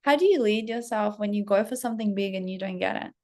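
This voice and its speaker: A woman's voice: medium pitch, quick pace, a little mellow. A woman in her thirties, a self-development coach, telling a personal story to her followers in a candid, casual way, with plenty of swearing and acted-out self-talk.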